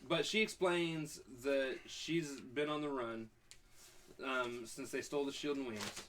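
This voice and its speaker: A man co-hosting a podcast, retelling a TV episode in casual chat, with a steady pace and frequent "um" pauses. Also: medium pitch, a little hiss or hum. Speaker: podcast co-host.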